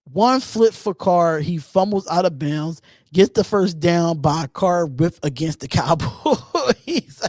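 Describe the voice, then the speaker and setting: A man from Philadelphia hosting a live call-in show, reading out chat questions and answering in an animated, repetitive way. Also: on the high side, takes it slowly, no room sound, clean studio sound. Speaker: host.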